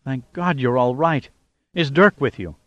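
A man's voice: mid-range voice, a little slow, no echo, dull audio, close to an everyday voice. A man reading the lines of a spirited young woman in an eager voice.

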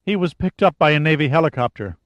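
A man's voice: a little high, expressive, quick pace, dry recording, muffled recording, voice pushed up, lightly acted. A man reading a shaken woman survivor, lifting his voice for her. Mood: urgent. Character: shaken young woman rescued from the sea.

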